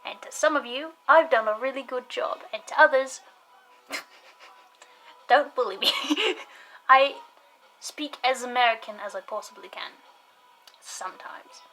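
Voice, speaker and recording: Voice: sits high, normal speed, bright, forceful tone, poor audio. A young adult vlogger chatting casually to camera, rambling off on tangents with frequent laughter and casual swearing.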